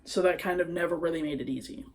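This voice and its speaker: A man's voice: on the high side, steady tone, quick pace. A young man vlogging into his phone, telling a personal story in a hesitant, rambling way full of fillers. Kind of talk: confessional personal vlog.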